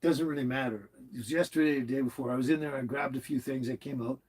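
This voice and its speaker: Husky rambling man chatting live. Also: mid-range voice, fairly even intonation, fast talker, low-quality recording. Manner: rambling, chuckling, warmly chatty. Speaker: livestream host reading chat. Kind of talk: casual live-stream chat.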